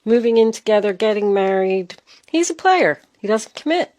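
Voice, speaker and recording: A woman reads tarot cards in an emphatic, earnest monologue. She speaks straight to the listener at an ordinary mid pitch. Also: animated, normal speed, a little mellow. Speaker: tarot reader.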